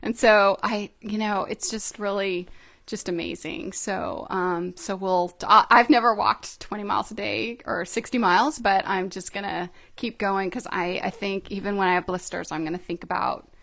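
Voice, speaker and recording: A middle-aged woman speaking as a podcast guest, telling a personal story in a soft, halting way with many fillers. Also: mid-range voice, fairly even intonation, creaky.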